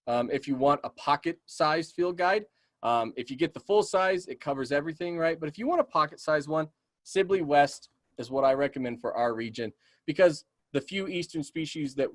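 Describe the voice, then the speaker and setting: An upbeat man, a bit higher-pitched than most, talks a webinar audience through birding basics over a computer mic. His delivery is chatty and eager, with plenty of ums and okays, and his voice sounds slightly worn. The sound is close and dry, with no room around it. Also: normal speed, no room sound. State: voice getting tired. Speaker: community naturalist teaching a webinar. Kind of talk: casual webinar teaching with audience Q&A.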